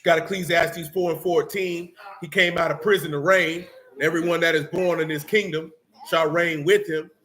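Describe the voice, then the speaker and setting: A man's voice: a little high, flat delivery, moderate pace, fairly bright tone. A man preaching a blunt, street-talking sermon mixed with scripture reading. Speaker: teacher.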